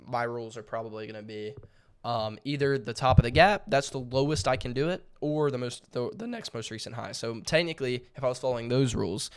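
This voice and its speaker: A man's voice: mid-range voice, brisk, slight background noise. A young man with a lilt, talking casually through a trade recap with lots of fillers and repeated words. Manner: jokingly theatrical. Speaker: day trading channel host.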